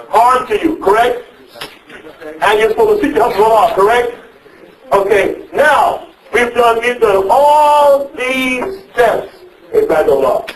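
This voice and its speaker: Man speaker addressing youth in a mosque; very high voice, quizzes the crowd, repeats lines; distant mic in a roomy hall. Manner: questions the audience and repeats phrases. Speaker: speaker advising young people.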